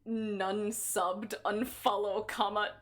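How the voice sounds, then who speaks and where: A woman's voice: mid-range voice, little pitch movement, slow. A woman livestreamer chatting casually with her chat in a playful, teasing, mock-offended way.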